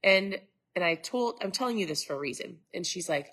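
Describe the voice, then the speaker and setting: A woman's voice: fairly low pitch, expressive, fairly quick, fairly bright tone, breathy edge. A middle-aged woman from Minnesota hosting a casual live stream, chatting with viewers, greeting them by name and wandering into asides, with a stuffed-up nose. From Minnesota, USA. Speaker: host.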